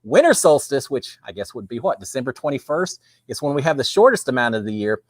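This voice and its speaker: A Texan man hosts a casual live-stream chat, folksy and chatty, greeting viewers and reading their comments. His medium-pitched voice is sing-song and fast, recorded at studio quality with no echo, on a webcam with a green screen.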